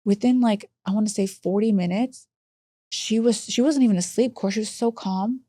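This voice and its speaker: A woman's voice: mid-range voice, no room sound. A woman who runs a hospice, telling a long story in a podcast interview and acting out the dialogue as she goes. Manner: fast, animated storyteller who acts out dialogue. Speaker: hospice chief operating officer.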